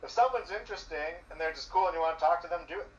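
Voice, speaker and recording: A man's voice: a little high, racing. A man who is a journalist talking casually as a guest, explaining at length with many fillers. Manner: loose, filler-heavy explaining. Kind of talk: casual conversation. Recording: roomy, distant, muffled mic.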